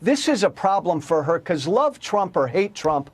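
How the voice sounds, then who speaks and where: A man and former congressman argues his points emphatically on a news panel, leaning on repetition. His voice sits high for a man. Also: sing-song, moderate pace. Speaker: political commentator, former congressman. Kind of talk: opinionated panel commentary.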